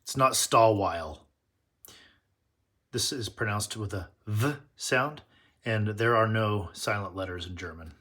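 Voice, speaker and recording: A man's voice: on the low side, normal speed, sharp tone. A man hosting his tool channel, chatting casually and nerdily through an unboxing and correcting himself as he goes. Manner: chatty, nerdy, self-correcting.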